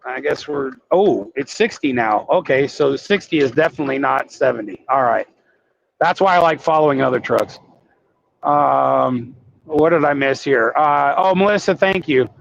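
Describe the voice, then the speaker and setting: A man's voice: medium pitch, expressive, moderate pace, vocal fry, highs cut off, slight background noise. A man who drives trucks, talking candidly and hesitantly with viewers on a livestream from his cab. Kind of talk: casual livestream chat while driving.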